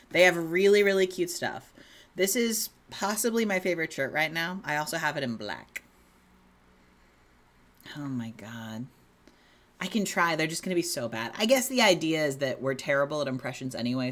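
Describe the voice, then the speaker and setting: A woman's voice: low-pitched, a bit bright. A woman co-hosting a casual livestream, chatty and self-deprecating, often breaking into giggles. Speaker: livestream co-host.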